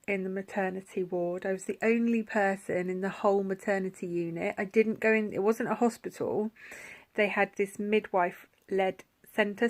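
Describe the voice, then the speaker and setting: Soft-spoken woman with a gravelly edge. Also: mid-range voice. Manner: soft-spoken, often drops to a whisper; heartfelt, tender. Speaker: vlogger. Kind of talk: personal vlog, reflective storytelling.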